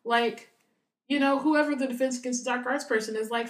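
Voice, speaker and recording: A woman's voice: on the high side, steady tone, fairly quick. A woman co-hosting a podcast in casual chat, talky, saying "like" a lot, with casual swearing. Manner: chatty, says "like" often, swears casually. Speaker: podcast co-host. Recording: roomy echo.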